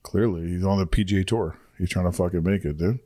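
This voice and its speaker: Young male co-host, low voice, dry close sound, loose sweary banter. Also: fast, mellow, dry recording. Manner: loose and swearing, often laughing. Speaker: podcast co-host. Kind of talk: casual podcast banter.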